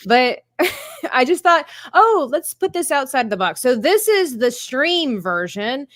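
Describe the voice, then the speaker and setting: A woman hosting a casual live art stream, chatty and quick to laugh, acting out her own thoughts as she talks. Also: high-pitched, big pitch swings, a bit bright, dry recording, studio quality. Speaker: stream host.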